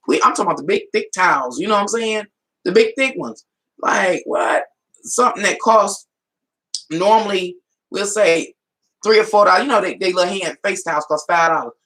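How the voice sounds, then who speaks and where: Tarot reader, live stream storytelling, gravelly voice, folksy colloquial talk, laughs often, middling pitch. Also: a bit bright, rough recording. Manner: chatty, laughing, addresses viewers as y'all.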